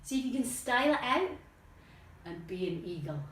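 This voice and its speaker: A woman's voice: on the high side, very animated, normal speed, a bit bright, far from the mic. Playful woman leading kids' yoga. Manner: playful, encouraging, with silly animal noises. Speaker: children's yoga teacher. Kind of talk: guided kids' yoga lesson. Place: room at home with plants. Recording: echoey room, voice off-mic.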